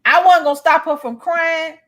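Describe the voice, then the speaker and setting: A woman's voice: very high voice, moderate pace, a bit bright. A woman co-hosting a casual chat, telling stories in a blunt, profane, laughing way. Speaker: co-host.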